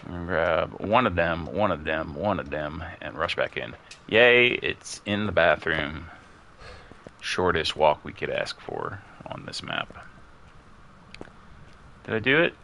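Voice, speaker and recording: A man with a low voice, crisp and bright on top, talks through a ghost hunt on a desk mic. He muses aloud in a chatty way and keeps calling out questions to the ghost. A faint hiss sits under his voice. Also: animated, a little slow, pauses often. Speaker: gamer streaming his play. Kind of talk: casual commentary while playing.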